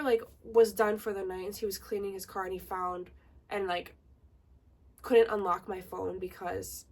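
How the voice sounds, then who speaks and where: A young woman vlogger telling a story in a casual get-ready-with-me video, chatty and animated, with lots of "like". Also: medium pitch, unhurried, distant mic.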